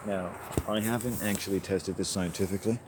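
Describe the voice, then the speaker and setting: Low-voiced man rambling outdoors. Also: fairly even intonation, a little fast, darkish tone. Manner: rambling, jokey, often laughing. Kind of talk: rambling monologue while walking. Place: outdoors by a river at dusk. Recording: noisy outdoor ambience.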